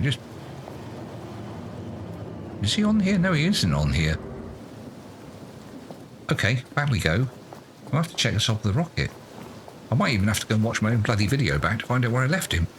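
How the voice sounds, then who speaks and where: A man's voice: mid-range voice, big pitch swings, moderate pace, pauses often, noisy background. A man doing let's play commentary, muttering to himself in a self-mocking, exasperated way. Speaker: gaming YouTuber.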